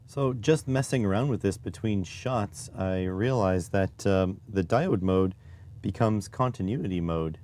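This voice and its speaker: Low mellow guy chatting on stream, laid back, lots of uhs, bit of faint hiss. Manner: relaxed, musing, with halting fillers. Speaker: streamer testing electronics. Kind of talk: casual livestream chat.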